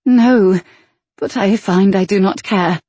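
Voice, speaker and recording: Woman playing a young lady, breathless, eager, soft, slow, dry close audiobook sound. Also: mid-range voice, slightly rough, dry recording. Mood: teasing.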